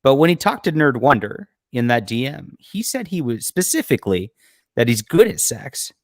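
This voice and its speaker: A man's voice: medium pitch, very animated, moderate pace, dry recording, studio quality. A man hosting a livestream, giving blunt, mocking commentary on a clip, with frequent fillers. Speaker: livestream host. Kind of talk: casual commentary over a clip.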